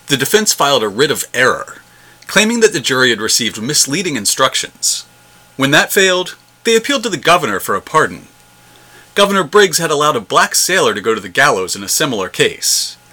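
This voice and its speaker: A man hosting a history segment, reading scripted narration in an expressive, emphatic way. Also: medium pitch, breathy edge.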